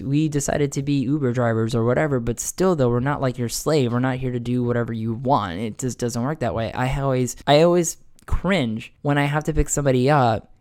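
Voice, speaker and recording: A man's voice: mid-range voice, darkish tone, smooth. A man who works as a rideshare driver, venting bluntly and casually, with frequent swearing. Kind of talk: casual ranting monologue.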